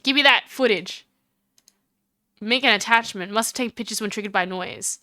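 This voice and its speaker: A woman's voice: mid-range voice, moderate pace, pushed and bright, no room sound. A woman streamer giving chatty, giggly commentary while playing a game and talking to her chat on a close desk mic. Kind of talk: casual let's-play commentary.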